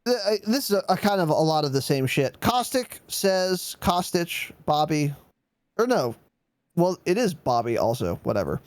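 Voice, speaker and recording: A man's voice: fairly high pitch, very animated, normal speed, dry recording. A man co-hosting a gaming podcast in casual chat, sarcastic and swearing freely as he mocks corporate statements. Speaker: podcast co-host.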